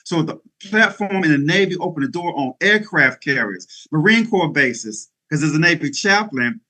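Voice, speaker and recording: Emphatic preacherly man, fairly high voice. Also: pushed and bright. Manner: preacherly, emphatic, rising to bursts of energy. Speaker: guest speaker. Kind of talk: motivational interview talk.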